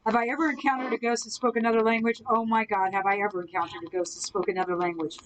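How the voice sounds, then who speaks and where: Fairly high woman calling out to spirits. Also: flat delivery, fast, low-quality recording. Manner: calls questions out to spirits, reads viewer comments aloud. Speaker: ghost hunter streaming live. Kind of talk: live-stream paranormal session. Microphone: device-heavy setup with a spirit box.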